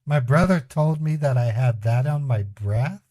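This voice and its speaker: Male streamer, casual storyteller who chuckles through anecdotes; mellow timbre, dry close mic. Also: medium pitch, animated, a little slow, slightly rough, no echo. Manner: rambling, chuckling anecdotes with voiced quotes. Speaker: scambaiting livestream host. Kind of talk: casual storytelling to a live chat.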